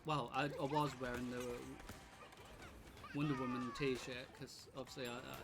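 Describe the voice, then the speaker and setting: A British woman commenting on a live game stream, excitable, often shrieking and laughing. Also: extremely low pitch, moderate pace, over music.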